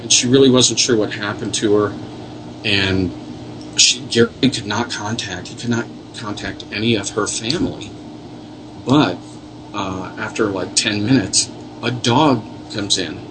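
A man's voice: lowish voice, a little slow, noisy background. A man, a paranormal investigator, telling earnest, rambling stories in a casual interview. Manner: earnest, rambling storyteller with many restarts.

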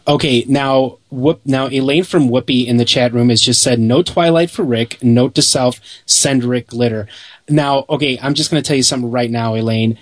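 A man's voice: medium pitch, moderate pace, dry recording. A man from Illinois co-hosting a casual radio talk show, rambling with stumbling restarts and jokes. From Illinois, near Chicago. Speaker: radio co-host.

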